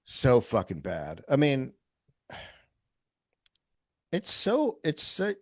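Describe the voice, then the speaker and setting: A man who is a comedian guest, telling a story in casual podcast chat, animated and profane, acting out quotes. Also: lowish voice, dry recording, studio quality.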